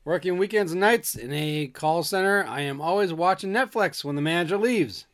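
Lower-pitched woman, dry jokes, voice goes up and down a lot. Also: animated, normal speed. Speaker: podcast co-host. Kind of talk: casual chat.

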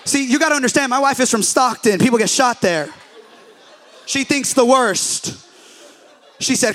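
A young adult man, a pastor, telling a funny story in a sermon with lively acted-out quotes. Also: very high-pitched, normal speed, long pauses, some chatter behind.

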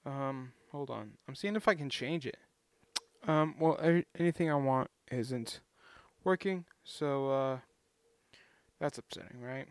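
Rambling young man, smooth dry voice. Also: mid-range voice, unhurried, no echo. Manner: rambling, chatty, self-deprecating. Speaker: vlogger. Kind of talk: casual rambling vlog.

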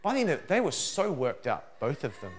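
A middle-aged man giving a lively parenting seminar talk, acting out dialogue as he goes. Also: on the high side, fairly quick. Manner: animated, acts out dialogue in put-on voices.

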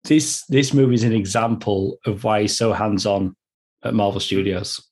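Casting note: Australian male podcast co-host, slightly husky, emphatic opinions. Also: lowish voice, steady tone, normal speed, darkish tone. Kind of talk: casual film review chat.

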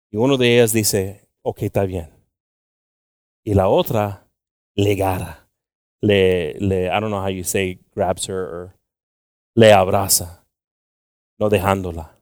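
A young man teaching from the Bible with animated emphasis, switching between English and Spanish and repeating words as he goes. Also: on the low side, no room sound. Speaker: preacher.

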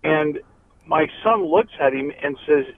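A man's voice: a little high, expressive, measured pace. A man calling in to a radio show, passionate and emphatic. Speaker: caller. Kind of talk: phone call-in. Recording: tinny phone line with faint noise.

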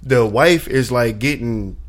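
A man's voice: medium pitch, takes it slowly, noisy background. A young man telling a story in casual chat, acting out the people in it with shifting voices.

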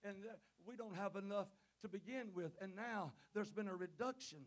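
A man preaching a sermon in a church, calling out to the congregation and swinging between loud fervent peaks and quiet asides, with jokes along the way. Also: sits high, moderate pace. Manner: calls out "Amen?" and "Hello?" to the congregation; jokes with the crowd between points. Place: church sanctuary.

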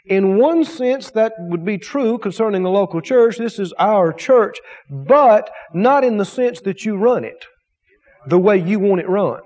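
Pastor guy preaching, high voice, lots of repeating and asking the crowd, big church echo. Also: lively intonation, measured pace, a little mellow. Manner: emphatic preaching with repetition and rhetorical questions. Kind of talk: sermon.

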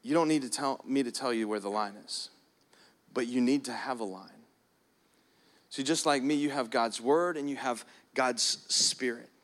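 A pastor preaches a sermon in a church hall while soft keys play behind him. His voice is medium-pitched and moderately paced, and he's earnest, often repeating words and drawing them out for emphasis.

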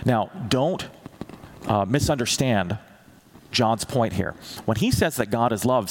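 A man preaching a sermon as teaching pastor, candid and self-deprecating, acting out prayers and God's replies in a raised voice. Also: lowish voice. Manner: animated, acts out dialogues with God in a raised voice.

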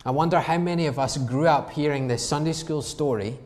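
Preaching with emphasis, a man fires rhetorical questions at his congregation in a brisk, darkish, fairly high voice. A long reverb from a large hall trails his words.

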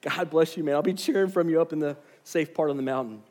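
A man voicing a big older king who speaks quietly and offhandedly. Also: quick pace, natural voice. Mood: offhand. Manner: offhand, low-key, quiet.

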